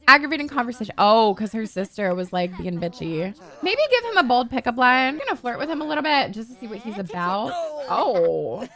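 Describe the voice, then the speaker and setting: A woman's voice: high-pitched, very animated, normal speed, bright, forceful tone. A young woman giving casual, gushing gameplay commentary, peppered with "like" and casual swearing. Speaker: gaming streamer.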